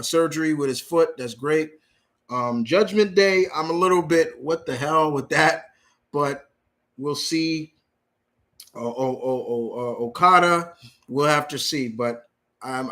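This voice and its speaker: A man's voice: on the high side, fairly bright tone. A young man hosting a live Q&A, reading out viewer questions and answering them in a casual, blunt way. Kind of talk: live Q&A chat.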